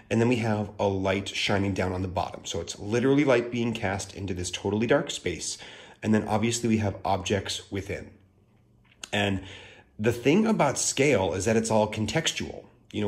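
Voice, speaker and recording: A chatty man talks through a card deck in a loose, excited video review. His voice sits a little low, and he keeps piling on casual fillers as he gushes. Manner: gushing, chatty, full of filler likes.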